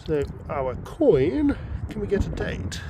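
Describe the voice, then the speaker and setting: A man's voice: sits high, very animated, slow, background noise. A man chatting upbeat to viewers while he works outdoors in a field. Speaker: metal detecting vlogger. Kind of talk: casual outdoor vlog commentary.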